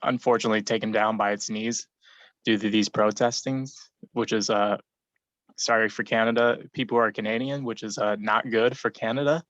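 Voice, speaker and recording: A young man in a group discussion offers his view in a fairly low, steady voice that's a bit bright, at a moderate pace. As a forum participant he rambles with lots of fillers in a casual contribution, captured on a dull, lo-fi dry mic with no echo.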